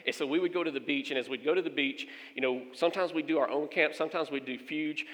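A man's voice: on the high side, quick pace, big-room sound. A man, a pastor, telling a funny story during a sermon, acting out the voices of the people in it. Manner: animated storyteller, acts out quoted voices.

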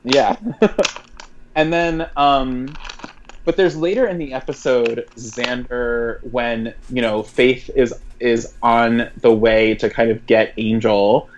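A man rambles through a casual podcast discussion of a TV episode, his words tumbling out in quick, animated asides. The recording sounds a little dull and lo-fi. His pitch sits in the middle for a man. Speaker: podcast co-host.

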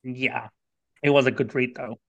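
A man's voice: medium pitch, fairly even intonation, unhurried, creaky, fairly bright tone, no echo. A man appearing as a podcast guest from home on a video call, chatting bluntly and casually. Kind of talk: casual chat.

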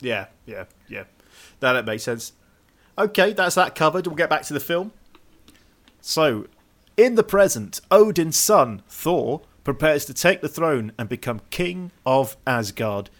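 An easygoing co-host with a slightly raised pitch who sums up a film's plot and reacts to his partner with quick laughs. The talk stays loose and conversational. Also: very animated, fairly bright tone. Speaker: podcast co-host. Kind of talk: casual film chat.

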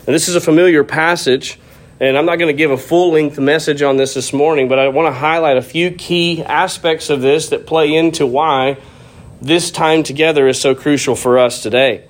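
A man giving an expository sermon, teaching in a steady way with occasional restarts. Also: a little high, normal speed. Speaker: pastor.

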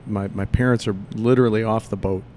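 A man from Chicago in casual chat, hesitant and filling pauses with many uhs. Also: on the low side, steady tone, darkish tone, a little hiss or hum. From Chicago, USA. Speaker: brewery co-owner.

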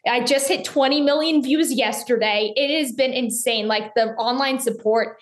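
An eighteen-year-old filmmaker from North Carolina, USA, chats eagerly as a guest in a casual interview. Her voice is a little high at a moderate pace, and she's bubbly and talkative, saying "like" a lot.

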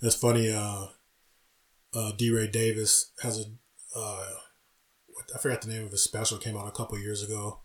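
A man's voice: on the low side, normal speed, long pauses. A man co-hosting a casual podcast chat, telling stories with lots of laughter and acted-out quotes. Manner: animated storyteller who acts out quotes and laughs often. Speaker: podcast co-host.

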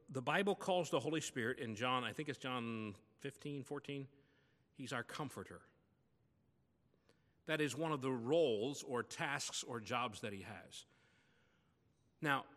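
A man's voice: a little high, bright, forceful tone, long reverb tail. A man preaching a sermon as pastor, telling personal stories in a conversational way.

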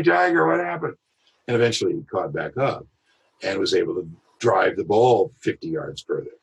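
Husky-voiced man explaining his craft. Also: low-pitched. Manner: reflective, explains with examples and quick imitations. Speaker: voice actor guest. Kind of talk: podcast interview talk.

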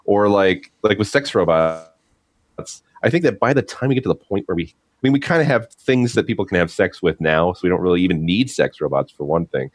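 A man's voice: sits low, animated, brisk, husky, dry recording. A man co-hosting a casual podcast chat, loose and swearing freely. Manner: loose, swears, laughs easily.

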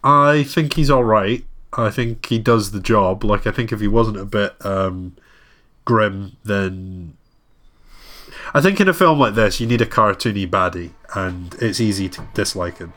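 A man's voice: lowish voice, lively intonation, unhurried, a bit bright. A man co-hosting a casual film review chat, talking freely with frequent laughs and ums. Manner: chatty, laughs often, many ums. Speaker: podcast co-host.

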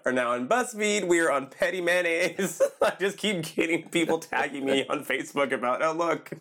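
A man's voice: on the high side, animated, normal speed, a bit bright. A man co-hosting a podcast, telling a story in casual chat and laughing often. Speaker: podcast co-host.

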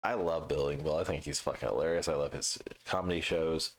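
Very deep-voiced profane man ranting. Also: fairly even intonation, fairly quick. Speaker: podcast co-host. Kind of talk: casual chat.

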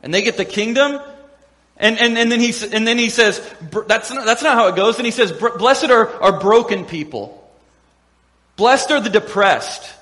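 A man preaching a sermon as pastor, animated and laughing often as he acts out the voices of crowds and quotes. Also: very high voice, moderate pace. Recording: echoey hall with long reverb.

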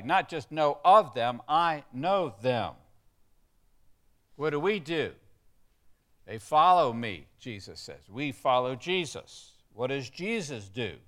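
A man preaching a sermon, emphatic, leading the congregation in call-and-response and swinging between quiet and loud. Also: mid-range voice. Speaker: pastor.

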